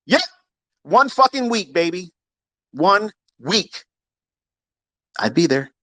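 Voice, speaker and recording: A man's voice: high voice, big pitch swings, takes it slowly, no echo. Profane, combative man ranting live. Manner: profane, combative, boastful, swings from mutters to shouts. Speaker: host of live audio space. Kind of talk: ranting monologue on a live audio space.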